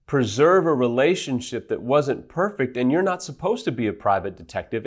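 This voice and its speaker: A man's voice: medium pitch, very animated, normal speed, hardly any pauses. A man giving an earnest teaching talk as a recovery counselor, stressing his points in lists. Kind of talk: teaching monologue.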